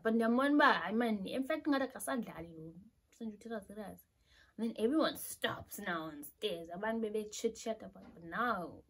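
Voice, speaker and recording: A young South African woman with a South African accent telling a personal story in an animated, casual way. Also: on the high side, moderate pace, husky. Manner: animated storytelling, switching between Xhosa and English. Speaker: YouTuber.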